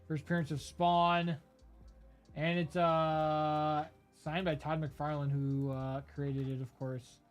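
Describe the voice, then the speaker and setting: A man's voice: a little high, little pitch movement, slow, soft background music. Rambling man listing collectibles. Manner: rambling, filler-heavy, listing items. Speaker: card break host. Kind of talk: casual live-stream commentary.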